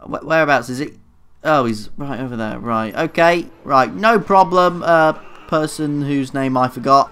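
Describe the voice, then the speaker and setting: A man's voice: on the high side, a little slow, a bit bright, clear, resonant tone. A young man commenting casually on his own gameplay, flustered, swearing a lot and mocking himself. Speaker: gaming YouTuber. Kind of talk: casual let's play commentary.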